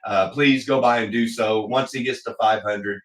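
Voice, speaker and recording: Streaming casually from a hobby room with a slot car track, this host talks at a moderate pace in a lowish, fairly even, slightly bright voice. He rambles with plenty of fillers and says hello to people in the chat, and the mic is distant in an echoey space.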